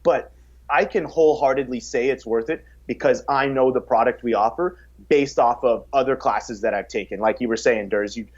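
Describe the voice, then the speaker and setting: An energetic man talks about fitness coaching in a relaxed podcast chat, his voice at an ordinary middle pitch. He often repeats a word before getting a sentence going. The audio is a little dull and muffled. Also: moderate pace. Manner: energetic, repeats words when starting sentences; acts out quotes in a raised voice. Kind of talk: casual podcast conversation.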